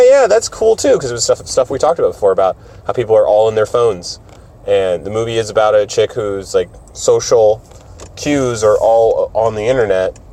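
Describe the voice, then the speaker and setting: A man's voice: lowish voice, darkish tone, slight background noise. A man hosting a podcast in a casual, rambling way, swearing often and poking fun at himself. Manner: rambling, swears a lot, self-mocking. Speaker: podcast host. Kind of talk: casual solo podcast chat.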